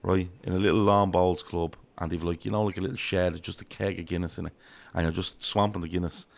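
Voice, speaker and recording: Irish male podcast host, low gravelly voice, rambling, sweary, chatty football talk. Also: fairly even intonation, fast talker. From Ireland. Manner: rambling, swears freely, acts out quotes. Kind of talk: casual football chat.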